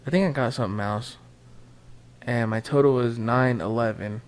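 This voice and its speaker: A man's voice: medium pitch, moderate pace. Laughing, foul-mouthed man on a podcast. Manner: laughs often, swears freely. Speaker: podcast co-host. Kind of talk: casual podcast chat.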